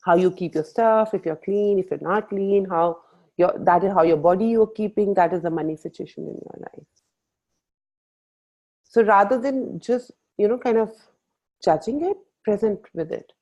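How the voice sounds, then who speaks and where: Woman facilitator, mellow tone, playful group coaching, mixes Hindi in. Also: medium pitch, normal speed, lo-fi sound. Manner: lively, playful, asks the group questions, mixes in Hindi phrases. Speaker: workshop facilitator. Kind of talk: live coaching talk on a video call.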